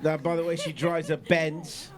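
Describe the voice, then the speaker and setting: A man hosting a lively talk show and hyping up his guests, shouting playfully and repeating his catchphrase. His voice sits a little high. A crowd of people chatters behind him. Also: moderate pace. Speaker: host.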